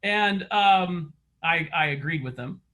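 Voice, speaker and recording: A man's voice: a little high, animated, slow pace, sharp tone. A man coaching a group of real estate agents in a casual session, chatty and storytelling, laughing often, recorded in an online meeting.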